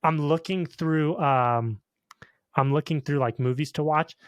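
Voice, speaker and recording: A man's voice: fairly high pitch, measured pace, no echo. Laid-back man, dry close sound. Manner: relaxed, checks in with the listener, says "dude" and "okay?". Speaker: podcast co-host. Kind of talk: casual chat.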